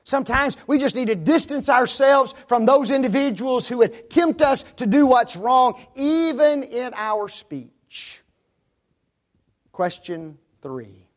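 A man with a notably high-pitched voice preaches a sermon to his congregation. He keeps turning to his listeners as folks and caps his points with rhetorical questions. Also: animated, slow pace.

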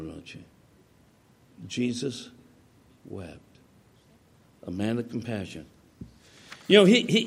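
Animated male preacher telling stories. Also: on the high side, husky. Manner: animated storytelling, acts out quoted voices, stammering restarts. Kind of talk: sermon.

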